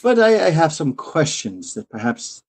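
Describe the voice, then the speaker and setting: A man playing a rakish, flirtatious nobleman who speaks in florid, courtly flattery. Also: fairly high pitch, normal speed, breathy edge, voice pushed up, exaggerated voice, rough recording.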